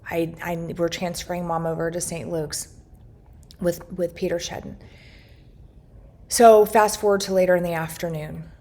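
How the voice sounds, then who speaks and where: Woman, middle-aged, earnest personal storytelling, low pitch, even intonation. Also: normal speed, pauses often. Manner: earnest, recounts dialogue, frequent restarts. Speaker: vlogger sharing her family's story.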